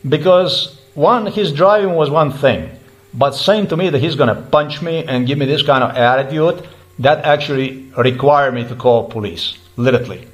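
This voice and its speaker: A man's voice: fairly high pitch, moderate pace, rough recording. A man giving an agitated personal account, talking in repetitive restarts and swearing when heated. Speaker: vlogger recounting a roadside dispute.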